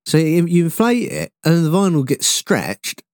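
A man's voice: big pitch swings, moderate pace, a little mellow, dry recording, studio quality. A young man from England co-hosting a podcast, chatting casually and rambling with jokes and swearing. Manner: rambling, swearing, jokey with sudden pitch jumps. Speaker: podcast co-host. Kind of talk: casual chat.

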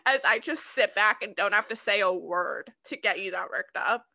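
A woman's voice: medium pitch, moderate pace, vocal fry, bright, forceful tone. A woman co-hosting a podcast in casual chat, debating in a playful, teasing way. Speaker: podcast co-host.

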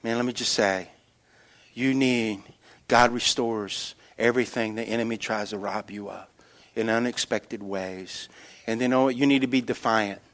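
A middle-aged man preaching a sermon as pastor, telling stories with animated energy and dropping to quiet, earnest emphasis. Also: on the low side, a little slow. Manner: animated storytelling that shifts between loud excitement and quiet earnest emphasis.

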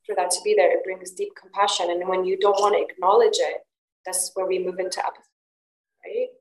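A woman's voice: fairly low pitch, fairly even intonation, brisk. Open-hearted woman host in an echoey room. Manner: candid, open storytelling with frequent "like". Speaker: podcast host. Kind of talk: casual podcast conversation. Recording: roomy echo.

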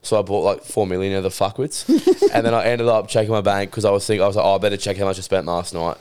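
A young Australian man chatting on a casual podcast in relaxed slang. His voice sits somewhat low. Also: fast, clear, resonant tone. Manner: blokey, laid-back slang. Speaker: podcast co-host. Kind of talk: casual chat.

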